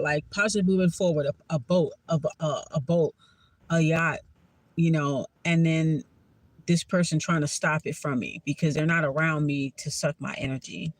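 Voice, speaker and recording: A woman's voice: sits low, steady tone, moderate pace, no room sound. A woman tarot reader telling a story in a casual vlog, talking bluntly, sarcastically and with plenty of swearing.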